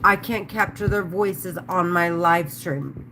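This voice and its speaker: A woman's voice: fairly low pitch, slow pace, bright, forceful tone, slight background noise. A woman speaking to her livestream in an agitated, angry, rambling rant full of profanity. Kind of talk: agitated monologue to camera.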